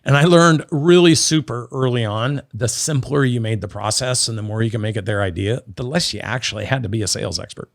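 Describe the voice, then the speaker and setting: Speaking briskly with vocal fry and barely any pauses, this middle-aged Oregon businessman, an interview guest, spins animated stories and performs the dialogue himself. His pitch is medium, and the studio-quality audio has no room sound.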